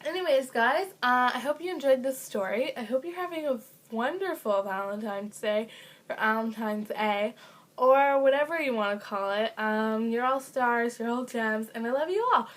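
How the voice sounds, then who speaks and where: Speaking at a moderate pace in a fairly high voice, a young vlogger relates a casual story. Her talk is loose and chatty, peppered with fillers and sarcastic asides, with an occasional cough.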